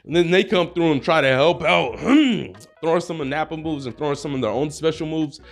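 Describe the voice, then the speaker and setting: A man's voice: on the high side, fairly quick, gravelly, soft background music. A young man casually telling a fan-made story, rambling and slangy, full of "bro" and "like".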